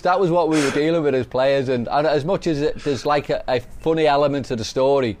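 Middle-aged Scouse man, relaxed podcast storyteller, mid-pitched voice. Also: a little fast. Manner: chatty, anecdotal, laughs while telling stories. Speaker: podcast host, former footballer. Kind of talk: casual storytelling chat.

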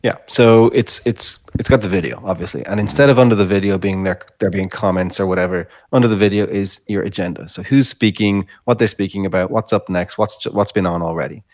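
Low-voiced Irish man explaining his product. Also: a little fast, hardly any pauses, darkish tone, no room sound. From Ireland. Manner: explains with restarts and light laughs. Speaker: guest, tech founder. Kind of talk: conversational interview.

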